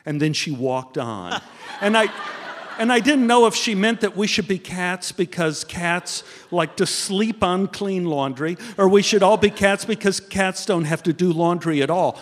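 An older man from Texas telling a comic personal anecdote as a guest, animated and chuckling as he talks. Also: high voice, a little slow, in a large hall. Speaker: guest storyteller.

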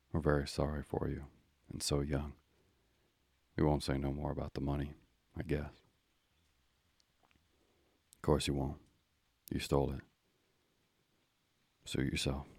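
A man voicing a dry, plainspoken old fishing-schooner captain with an unhurried, folksy way of talking. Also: a bass voice, vocal fry, a little mellow, husky, no room sound, exaggerated voice.

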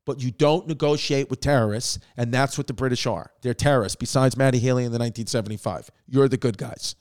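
A man in his thirties with a New York accent, telling history as a comedy bit, profane and rambling with quick asides. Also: mid-range voice, darkish tone, dry recording, clean studio sound. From Staten Island, New York.

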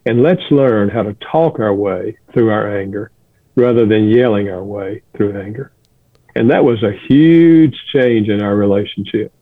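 A man's voice: lowish voice, unhurried, dry recording. Earnest older man over a phone line. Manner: earnest, gentle, storytelling with quoted dialogue. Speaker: guest, author and counselor. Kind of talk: reflective storytelling.

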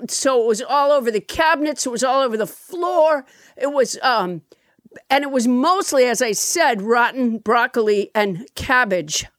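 A woman co-hosts a podcast and tells a rambling, amused story. Her voice is high and moves around a lot. The recording is dry and close. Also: lively intonation, normal speed, a bit bright, dry recording. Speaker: podcast co-host. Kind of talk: casual chat.

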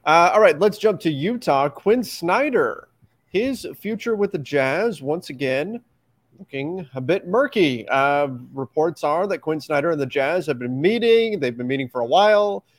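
Male sports podcast host, fairly high voice, brisk and chatty, dry close-mic recording. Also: expressive, no echo. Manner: steers the talk, brisk and chatty. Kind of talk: casual sports chat.

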